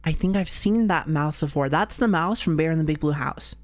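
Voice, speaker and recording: A woman streamer chatting casually while reacting to videos, excitable, laughing often and swearing freely. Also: deep voice, a little fast, faint music behind.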